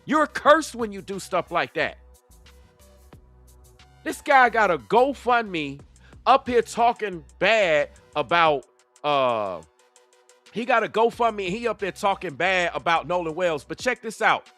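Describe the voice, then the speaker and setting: A man's voice: high voice, very animated, slow pace, sharp tone, dry recording, soft background music. A man hosting a livestream commentary, preachy and emphatic, stretching words out in a sing-song way. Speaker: commentary channel host.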